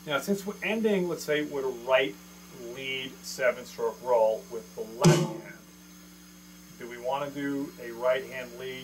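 A man of middle pitch teaches drumming in a loose, joking manner, poking fun at himself as he counts strokes aloud. The recording carries clear noise and a steady mains hum from a drum room. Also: unhurried, poor audio. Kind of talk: casual video lesson.

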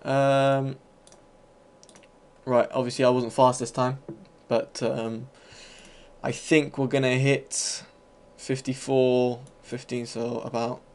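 A man's voice: mid-range voice, little pitch movement, slow. A man giving loose, rambling commentary over his own gameplay, full of fillers and the odd casual swear. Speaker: gaming video host.

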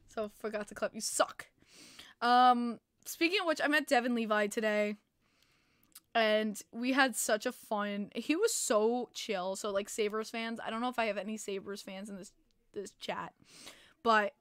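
A young woman with a New York accent hosts a live stream in casual chat, excitable and quick to swear and laugh. Her voice sits fairly high and sounds close and dry from a home streaming setup. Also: clear, resonant tone, no room sound. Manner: excitable, profane, laughs often. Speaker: podcast streamer host.

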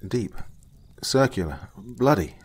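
A man voicing a nervous young police officer who hesitates and stumbles over his words, with a husky tone. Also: fairly low pitch, big pitch swings, slow, pitched above the performer's own voice, heavily acted. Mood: hesitant. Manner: hesitant, flustered, trailing fillers.

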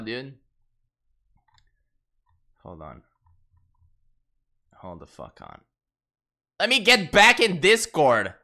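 A man streaming a game who talks in a bright, edgy tone, his pitch swinging widely. He rants and swears in casual exasperation while he chats with viewers. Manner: profane, exasperated ranting with laughter. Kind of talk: casual gaming stream chat.

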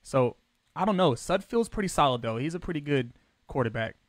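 A man's voice: on the high side, lively intonation, brisk, no echo, clean studio sound. A man streaming a football video game, chatting casually with his viewers in loose, profane slang, his voice jumping up when he gets defensive. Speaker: gaming streamer.

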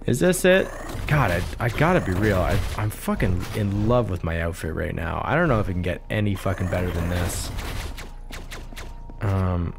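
A young man with a low voice rambles through a long story while playing a game, swearing freely and circling back on himself. Game music plays clearly under his commentary. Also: animated, normal speed. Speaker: gaming channel host. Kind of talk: let's play commentary.

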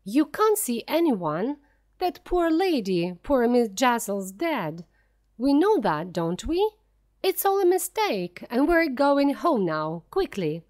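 A woman's voice: fairly high pitch, sing-song, takes it slowly, a little mellow. A woman voicing an anxious older female housekeeper in a simplified story reading, her lines fretful and pleading. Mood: upset.

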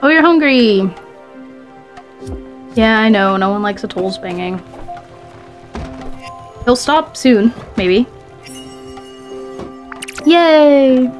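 A woman's voice: a little high, lively intonation, very slow, pauses often. A woman chatting casually through a let's-play, giggling and talking to the game's characters. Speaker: gaming video host. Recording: faint game music behind.

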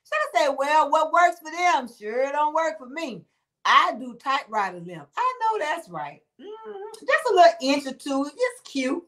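High-pitched woman chatting on a livestream, laughs a lot, calls everyone honey. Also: sing-song, measured pace, a bit bright. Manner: laughs often, calls viewers honey and baby. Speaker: livestream host reading viewer comments. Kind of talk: casual chat with live viewers.

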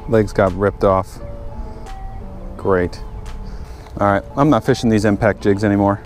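A man's voice: on the low side, slow pace. Man, fishing vlogger, casual chat to camera, outdoors by a lake, faint background music. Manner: chatty, talks to viewers while fishing, easily frustrated. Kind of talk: casual vlog narration.

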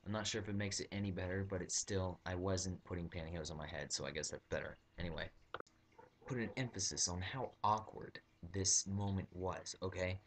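A man's voice: low voice, steady tone, fairly quick, a little hiss or hum. A young man telling a comic story on his vlog, rambling with lots of fillers and restarts. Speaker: vlogger.

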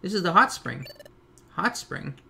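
A calm elderly hot spring keeper from a video game , as a man reads him. He speaks kindly and formally, close to the performer's own voice. The tone is bright and lively. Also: sits high, measured pace, vocal fry, soft background music, heavily acted.

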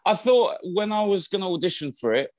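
A man's voice: high voice, expressive, a little fast, darkish tone, no room sound. A man, a musical theatre actor, chatting casually as an interview guest, rambling with lots of fillers and restarts.

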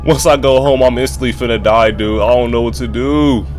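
A man's voice: fairly even intonation, fairly quick, faint music behind. A man playing a horror game and talking his viewers through it in casual, slangy chatter. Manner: reads game dialogue aloud in a lower voice, then reacts loudly. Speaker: gaming YouTuber.

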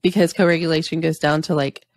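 Give me a blunt, enthusiastic woman host with a low voice, recorded dry and close. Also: steady tone, fast, no echo. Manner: blunt and enthusiastic, swears, laughs often. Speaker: podcast host. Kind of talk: casual podcast interview.

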